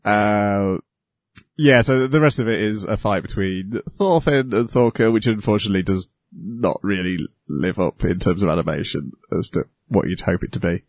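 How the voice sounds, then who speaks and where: A man's voice: lowish voice, normal speed, dry recording, clean studio sound. A man co-hosting a podcast, recapping an episode in casual chat, hesitant with many fillers. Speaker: podcast co-host.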